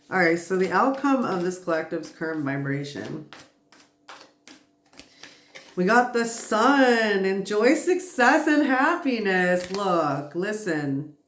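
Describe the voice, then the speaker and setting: Tired woman, casual tarot reader, chatty and reassuring, middle pitch, roomy echo. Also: animated, slow pace, long pauses, a little hiss or hum. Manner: chatty, reassuring, laughs often. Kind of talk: casual spiritual tarot reading.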